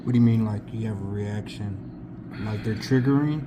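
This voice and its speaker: A man's voice: on the low side, normal speed, noisy background. A man hosting a casual interview, asking careful and hesitant follow-up questions. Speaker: podcast host.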